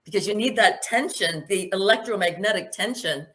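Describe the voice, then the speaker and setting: A woman's voice: medium pitch, moderate pace, fairly bright tone. A woman giving a spoken presentation, emphatic and full of rhetorical questions.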